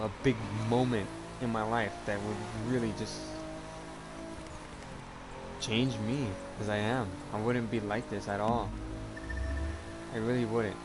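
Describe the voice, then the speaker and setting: A man talking casually in a personal vlog, halting and rambling with many restarts, earnest and confessional. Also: lowish voice. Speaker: YouTuber. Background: music playing.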